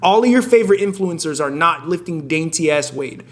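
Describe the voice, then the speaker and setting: A young man lectures his viewers on lifting, blunt and emphatic with plenty of swearing. His voice sits a little higher than most men's, and he often breaks off and restarts his sentences. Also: animated, brisk. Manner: blunt, profane, emphatic, self-interrupting. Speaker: fitness content creator. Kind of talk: casual direct-to-camera advice.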